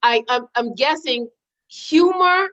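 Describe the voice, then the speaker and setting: A woman's voice: high voice, expressive, slow, fairly bright tone, lo-fi sound. A woman, a former teacher who hosts the show, chatting casually with her guest, laughing easily and prompting him with questions. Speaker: podcast host, former teacher. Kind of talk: casual interview chat.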